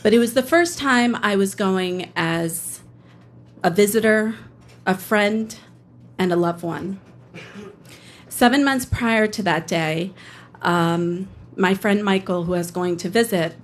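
A woman, a public defender, telling a personal story on stage in plain, steady narration. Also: lowish voice, takes it slowly, a little hiss or hum.

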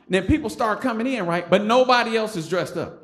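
A man, a stand-up comic telling a funny story live on stage, animated and laughing as he acts out other voices. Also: high voice, a little fast. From Detroit. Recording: roomy stage sound with noise.

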